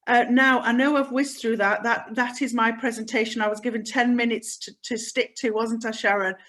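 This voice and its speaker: Woman, a bit high-pitched, cruise sales presenter, relaxed, fills with ums. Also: moderate pace, poor audio. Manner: friendly, frequent "um" fillers. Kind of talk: virtual event sales presentation. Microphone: video call.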